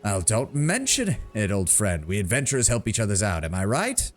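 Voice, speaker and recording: A man's voice: on the low side, wildly swooping pitch, normal speed, soft background music. Man doing a hearty frontier lord. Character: jovial burly male frontier lord, friendly and shrewd.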